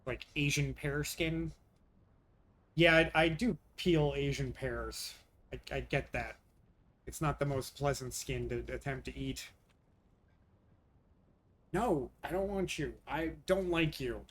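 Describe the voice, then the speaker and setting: A man's voice: mid-range voice, steady tone, takes it slowly, pauses often, a bit bright, slight background noise. A young man streaming live, chatting with viewers and venting in an exasperated, profane way. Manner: exasperated, swearing, answering chat. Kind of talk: casual live-stream chat.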